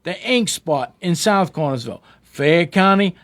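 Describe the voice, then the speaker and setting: A man's voice: a little high, lively intonation, unhurried, fairly bright tone. A middle-aged man who hosts a folksy talk radio show, rallying listeners in a fiery, slang-filled way. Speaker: radio show host and local official.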